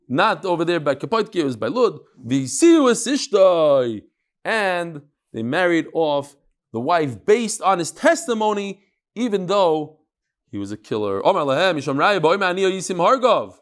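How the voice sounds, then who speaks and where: A middle-aged man giving a Talmud lecture, reading the text aloud and retelling stories in an animated way. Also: fairly high pitch. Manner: animated, quick storytelling with Hebrew-Aramaic reading. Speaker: Talmud teacher.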